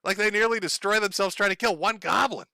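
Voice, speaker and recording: A man's voice: high voice, fairly quick, vocal fry, bright, forceful tone, no room sound. A man hosting a casual livestream, rambling and swearing and laughing often. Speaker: livestream host.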